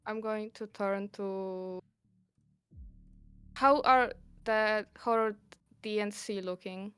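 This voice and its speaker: Brief: woman player, excitable and profane, clear voice, dry mic. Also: mid-range voice, slow, dry recording, soft background music. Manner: excitable, swears, laughs often. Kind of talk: casual tabletop play.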